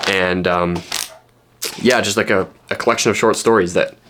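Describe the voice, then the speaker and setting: A man's voice: low-pitched, fairly even intonation, normal speed, fairly bright tone, a little hiss or hum. A young man from Canada casually talking through his books in a vlog, rambling with lots of ums and restarts. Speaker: book vlogger. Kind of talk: casual spoken book vlog. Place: at home in fading daylight.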